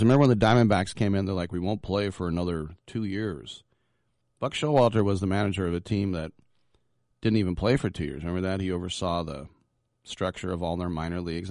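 Man, sports radio host, low voice, dry close sound, rambling, jokey asides. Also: a little mellow, no room sound. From San Francisco Bay Area, US. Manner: rambling, jokey, many fillers. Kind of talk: casual sports talk.

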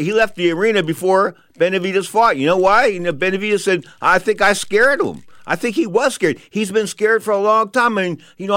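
A man's voice: a little high, a bit bright, dry recording, clean studio sound. An older man hosting a boxing show, rambling and fiery, often stumbling over names and repeating himself. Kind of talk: casual opinionated commentary.

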